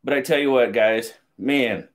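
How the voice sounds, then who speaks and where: A man's voice: mid-range voice, measured pace. Upbeat man hosting a live stream. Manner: upbeat, greets viewers by name, excited whoops. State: out of breath. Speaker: knife channel host. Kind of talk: casual live-stream chat.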